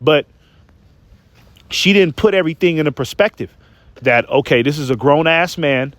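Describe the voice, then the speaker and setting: Male online preacher, slightly high pitch, emphatic and repetitive, stumbles on words while reading verses. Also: lively intonation, normal speed, fairly bright tone, no room sound. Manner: emphatic, keeps asking "okay?" and "man". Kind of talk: preaching rant with scripture reading.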